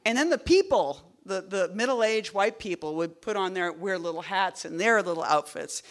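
A woman's voice: medium pitch, normal speed. Rambling, wry woman poet giving a talk. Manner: rambling and digressive, full of "like" and "you know"; wry, deadpan asides. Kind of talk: casual spoken talk at a reading series.

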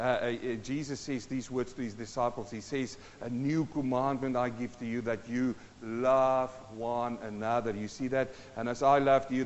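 A pastor delivers a sermon, urging his listeners on with rhetorical questions and breaking into a line of a hymn. His voice is medium-pitched and somewhat dark. The sound is dull, with the long reverb of a church hall.

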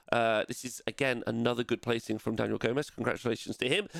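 A man's voice: mid-range voice, a bit bright, dry recording, clean studio sound. A man hosting a show and casually running through tournament results, rambling with lots of fillers and self-corrections. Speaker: host.

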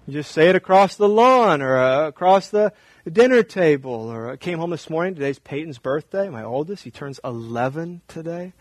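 A man in his thirties preaching a sermon, swinging from hushed, intimate talk to raised, emphatic repetition. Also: on the high side, expressive, normal speed, no echo, poor audio. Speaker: pastor.

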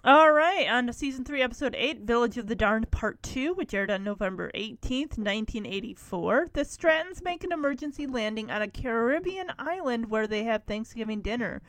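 A woman's voice: a little high, expressive, normal speed, hardly any pauses, a bit bright. A woman casually recapping a TV episode, chatty and rambling with lots of fillers.

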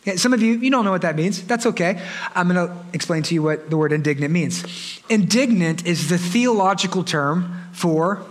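A male pastor preaches with playful emphasis and keeps repeating his points. His voice sits fairly high with a bright, forceful edge. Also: expressive, normal speed. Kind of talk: sermon.

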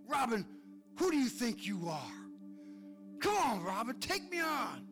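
A man voicing a taunting male giant who mocks and dares his opponent in loud, high shouts. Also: wildly swooping pitch, unhurried, over music, heavily acted.

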